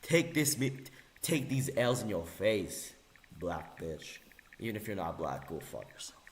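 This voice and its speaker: A vlogger delivers an angry, sarcastic rant, swearing and repeating phrases for emphasis. His voice sits fairly low and is very animated, though he takes his time. The tone is heated and profane, with a faint hiss or hum in the recording.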